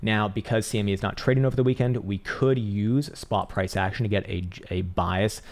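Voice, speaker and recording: A man's voice: on the low side, steady tone, brisk, a little mellow. A man hosting a casual crypto chart analysis, talking in a loose, rambling way with fillers and the odd swear. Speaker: crypto market analyst host.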